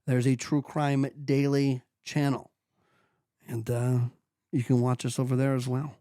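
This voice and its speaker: A male podcast co-host with an unhurried, drawn-out delivery, trading jokes and then working steadily through the show plugs. His voice sits at an ordinary male pitch. The sound is dry and close, with no room around it. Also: level tone, warm tone, no room sound. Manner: bantering, reads promos steadily. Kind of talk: casual podcast banter.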